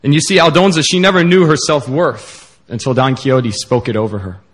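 A man preaching a sermon in an earnest, halting way, with many fillers. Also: mid-range voice, husky.

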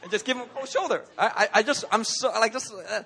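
Male pastor, fairly high voice, conversational animated sermon in church, storytelling. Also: fast.

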